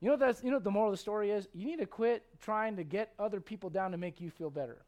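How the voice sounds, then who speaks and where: Male pastor with a very high voice, preaching a lively, emphatic sermon. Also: racing. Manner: emphatic, conversational, acts out quotes and asides, frequent restarts.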